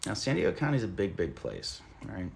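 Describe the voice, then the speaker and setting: A young Southern California man hosts a casual live stream from his home, surrounded by plants, talking into a phone mic. His gravelly voice sits fairly low but swings widely in pitch, and he talks briskly, rambling and cursing as he reads the chat aloud. A slight hiss or hum runs underneath.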